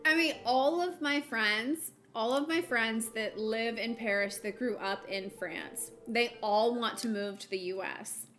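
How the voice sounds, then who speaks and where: Young American woman, giggly stream chatter, bright and fairly high voice. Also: unhurried, hardly any pauses. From United States. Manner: chatty, giggly, lots of fillers. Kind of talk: casual chat while gaming, reading chat.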